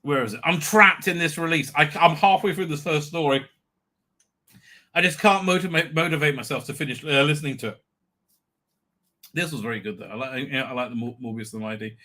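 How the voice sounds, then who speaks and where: This livestream host speaks on the high side, brisk, pushed and bright. His running commentary is sarcastic and coarse, heavy with profanity, and he keeps slipping into jeering voices to mock things.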